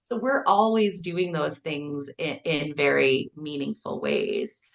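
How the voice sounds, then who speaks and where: A middle-aged Canadian woman with a Canadian accent and a low, gravelly voice with plenty of fry. She speaks as an earnest kindergarten teacher in a conversational interview. She tells stories with warmth and acts out the quotes in them. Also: slow. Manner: earnest, storytelling, acts out quotes with lively animation. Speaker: kindergarten teacher and author, guest.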